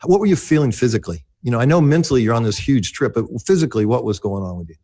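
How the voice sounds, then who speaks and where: A man's voice: medium pitch, expressive, rapid-fire, mellow, slightly rough. Probing male podcast host. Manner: probing, recaps the guest's story back to him. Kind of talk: interview questions.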